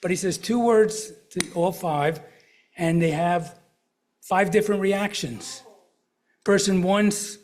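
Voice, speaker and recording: A man's voice: high-pitched, takes it slowly, long pauses, darkish tone. A middle-aged man, a counselor, giving a conversational health talk to a live audience, asking questions and walking through examples. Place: lecture room before a live audience.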